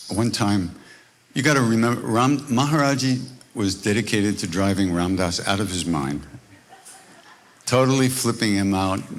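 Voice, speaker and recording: Easygoing man telling stories at a retreat. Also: on the low side. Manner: conversational, wry, slips into voicing the people in his stories. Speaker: spiritual teacher leading a workshop. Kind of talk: informal teaching talk with storytelling. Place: live retreat workshop.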